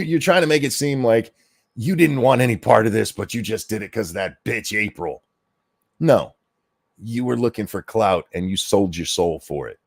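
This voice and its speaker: A man's voice: on the low side, gravelly, dry recording. Profane, sarcastic male ranter. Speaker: commentary host. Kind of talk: ranting reaction commentary.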